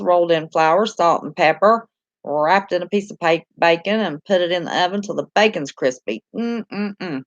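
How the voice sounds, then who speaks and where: A woman with a Southern American accent hosts a live stream, reading viewer comments aloud and answering them in a homey, talkative way, laughing easily. Her voice sits lowish. The recording is lo-fi with no echo.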